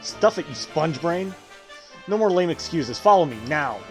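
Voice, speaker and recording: A man's voice: a little high, animated, normal speed, soft background music, lightly acted. A man reading the lines of an angry young woman knight who scolds and name-calls her runaway brother. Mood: bossy. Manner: sharp scolding, name-calling.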